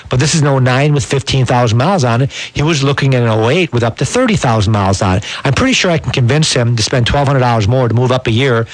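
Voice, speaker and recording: A man giving a folksy, persuasive sales pitch as a used car dealer on a local TV show. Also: lively intonation, dry recording, rough recording. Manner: fast, folksy, persuasive delivery.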